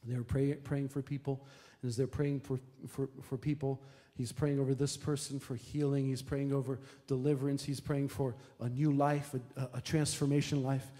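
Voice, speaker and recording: A male pastor preaching a sermon in a church, emphatic and repetitive, building to shouts. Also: medium pitch, level tone, normal speed, few pauses. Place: church sanctuary. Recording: echoey hall reverb.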